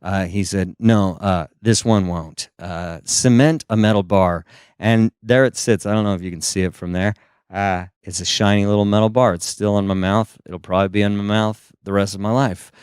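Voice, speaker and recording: On a small stage, a young US comedian holds a handheld mic and delivers stories a little fast, smooth and with fairly even intonation, jumping into high, silly voices for quoted characters. The recording is dry and studio quality.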